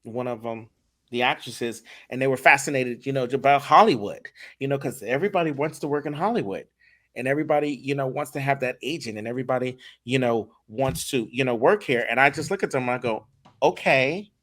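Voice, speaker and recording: A man talking as a guest in a casual podcast interview, animated and emphatic, often repeating his words. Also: medium pitch, brisk. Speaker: voice acting director, guest.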